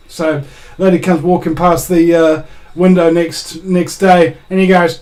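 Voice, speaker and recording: A man with a fairly high voice, a guest on a casual podcast. He tells a joke in an animated storyteller way, often repeating words as he goes. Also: a little slow. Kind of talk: casual chat, telling a joke.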